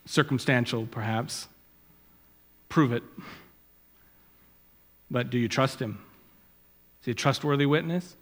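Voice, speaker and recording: A man preaching a sermon, swelling loud and high when he quotes Scripture and dropping low and quiet on asides. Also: measured pace, pauses often. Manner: rises in pitch and volume when quoting Scripture, drops low on asides. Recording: long hall reverb.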